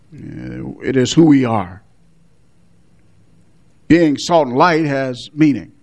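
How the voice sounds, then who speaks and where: A male pastor delivers a measured sermon. His voice sits fairly high for a man, and he leans hard on repeated words for emphasis. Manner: measured preaching with emphatic repetitions.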